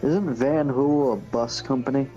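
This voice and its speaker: A man's voice: medium pitch, fairly even intonation, unhurried, warm tone, soft background music. A man chatting casually on a stream with a dry, teasing manner. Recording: dull lo-fi audio.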